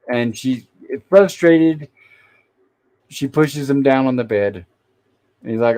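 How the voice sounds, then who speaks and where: A man's voice: medium pitch, slow pace, pauses often, dark tone. Chatty man retelling sitcom scenes. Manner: retells scenes, briefly acting out lines. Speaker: podcast host reviewing a classic sitcom. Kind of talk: casual livestream recap.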